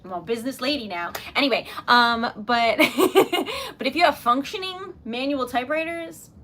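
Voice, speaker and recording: A woman's voice: high voice, expressive, normal speed, a little hiss or hum. A woman hosting a live stream, chatting casually and giggling as she talks to her viewers while typing. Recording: loud typewriter clacking behind voice. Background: typewriter keys and bell.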